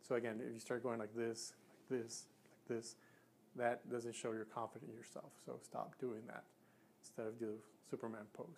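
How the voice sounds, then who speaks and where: A man's voice: medium pitch, flat delivery, moderate pace, creaky, a little mellow, a little hiss or hum. A man giving earnest advice to camera, often restarting his sentences and demonstrating with his body. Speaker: communication coach. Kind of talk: instructional talk to camera.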